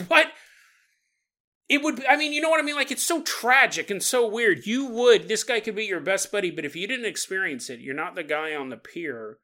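Rambling, laughing podcast host, bright voice. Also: male voice, high voice, expressive, moderate pace. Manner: rambling, laughs often, acts out quoted voices. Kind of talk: casual comedic monologue.

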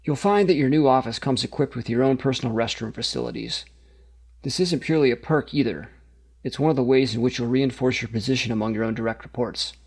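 A man's voice: mid-range voice, quick pace, darkish tone, husky. A man plays a smug corporate executive handing down advice to a new hire. He talks casually but firmly and leans hard on the words he wants to stress. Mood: condescending. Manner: casual but firm, emphatic. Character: smug corporate male executive lecturing subordinate.

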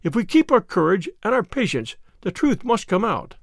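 Devoted young woman, earnest and lively, read by a man in a storybook. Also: sits high, moderate pace, vocal fry, dry recording, studio quality, voice pushed up, full character voice. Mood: fervent. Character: young Englishwoman, devoted, hopeful. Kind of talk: audiobook character reading.

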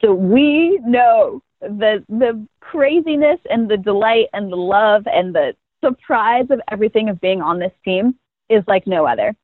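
A woman's voice: medium pitch, expressive, measured pace, no echo. A young woman in her twenties tells her story in a bubbly, talkative way and laughs easily. Her voice comes through a narrow, tinny phone-like line. The sound is dry, with no room around it. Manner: bubbly, chatty, laughs often. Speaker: guest, first-year pro cheerleader. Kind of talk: casual interview storytelling.

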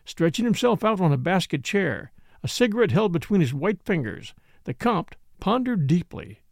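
Man, audiobook narrator, expressive storytelling, slightly high voice, dry close sound. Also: normal speed, gravelly, dry recording. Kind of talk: scripted narration.

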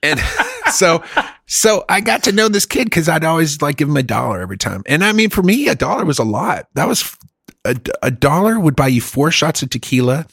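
A man's voice: on the high side, sing-song, a little fast, gravelly, a bit bright, slightly rough, no room sound, clean studio sound. Rambling, profane middle-aged man telling a story. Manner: rambling, profane, laughs often. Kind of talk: casual storytelling chat.

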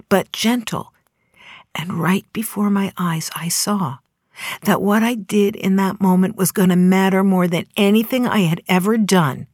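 A middle-aged woman telling a personal story in a measured way, dropping to a hushed near-whisper at tense moments. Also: lowish voice, husky, dry recording, clean studio sound.

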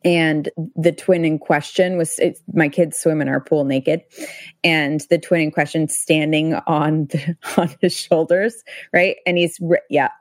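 A woman's voice: low voice, measured pace, no echo. Laughing woman co-host, dry close sound. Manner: animated storytelling, laughs often. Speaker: podcast co-host. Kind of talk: casual chat.

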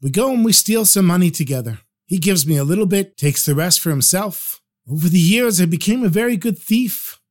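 An earnest, repentant thief pours out his confession in a heartfelt, pleading tone, as a storyteller puts him on. His voice sits fairly high for a man. It sounds like an audio storybook. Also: lively intonation, fairly quick, hardly any pauses, a little mellow.

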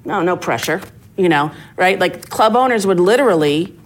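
A middle-aged woman, a comedian telling stories in a casual interview and acting out quotes with big jumps in pitch. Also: expressive, moderate pace, poor audio. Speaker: comedian guest.

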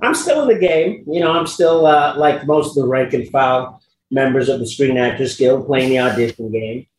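A man's voice: medium pitch, moderate pace, roomy sound, slight background noise, rough recording. A man guesting in a casual chat, talking animatedly and laughing often. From England. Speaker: guest actor.

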